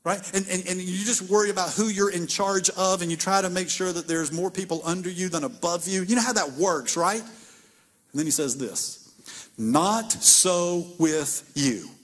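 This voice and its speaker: A man preaching a conversational sermon as pastor, acting out biblical dialogue with lively asides. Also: high-pitched, normal speed.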